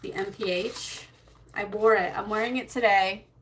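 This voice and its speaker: An adult woman with a child hosts a casual beauty livestream, chatty and a little scattered, greeting viewers by name and laughing nervously and self-consciously. Her voice is medium-pitched, steady and fairly bright at a moderate pace, with slight background noise.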